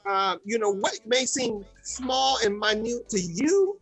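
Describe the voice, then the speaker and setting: A man's voice: high-pitched, very animated, takes it slowly, a bit bright, husky, soft background music, low-quality recording. A man hosting a talk show, chatting casually and cheerfully plugging the show with repeated phrases. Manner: repeats words, upbeat promo patter. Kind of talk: casual chat.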